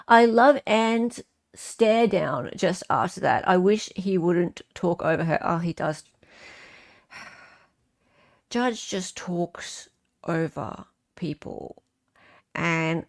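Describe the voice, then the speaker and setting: A woman's voice: on the low side, vocal fry. An Australian woman hosting a casual livestream, chatting with viewers, reading their comments, and ranting freely. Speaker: livestream host.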